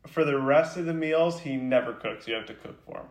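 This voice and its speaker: A man's voice: on the high side, brisk, echoey room. A man co-hosting a casual podcast chat, playful and teasing, rambling through made-up scenarios. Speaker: podcast co-host.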